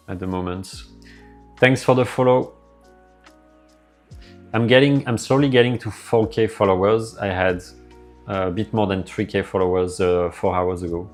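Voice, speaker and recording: A man's voice: sits low, fairly even intonation, a little slow, pauses often, soft background music. A man with a French accent, live streaming and chatting casually with his viewers, rambling as he answers their messages aloud.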